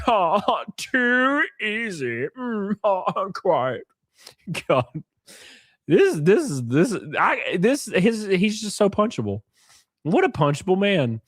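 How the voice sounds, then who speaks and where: A man's voice: fairly high pitch, dry recording, clean studio sound. A man live-streaming, reading posts aloud and ranting at them in a mocking, profane way while drinking. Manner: mocking, profane, animated rants.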